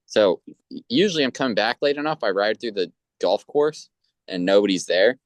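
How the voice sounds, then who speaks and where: A man co-hosting a podcast in casual chat, talking in a hesitant, halting way with many restarts. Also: lowish voice, animated, no room sound. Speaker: podcast co-host.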